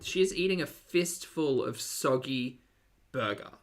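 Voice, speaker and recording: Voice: mid-range voice, lively intonation, measured pace. A commentary host, giving dry, mocking reaction commentary on food videos.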